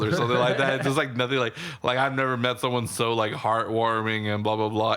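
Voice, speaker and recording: A man's voice: medium pitch, flat delivery, quick pace, hardly any pauses, a bit bright. A man co-hosting a podcast, chatting casually about a movie, rambling, laughing often and acting out lines from scenes. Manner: rambling, laughing, acts out quotes. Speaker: podcast co-host. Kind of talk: casual movie review chat.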